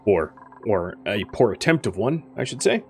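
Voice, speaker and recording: A man's voice: on the low side, very animated, normal speed, slight background noise. A young man casually commenting on his colony game as he plays, rambling and correcting himself with lots of fillers. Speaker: gaming streamer. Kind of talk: casual let's-play commentary.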